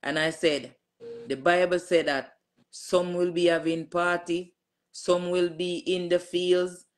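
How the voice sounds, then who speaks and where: Slow, emphatic woman telling a story. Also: lowish voice, flat delivery. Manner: emphatic storyteller who re-enacts dialogue with many "I said". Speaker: church member giving a testimony to her pastor. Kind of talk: casual spoken testimony.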